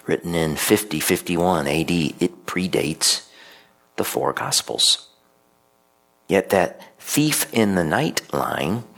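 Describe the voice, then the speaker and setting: A male priest reading scripture aloud and then preaching a homily in a measured, deliberate way. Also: low voice, vocal fry, a bit bright, poor audio.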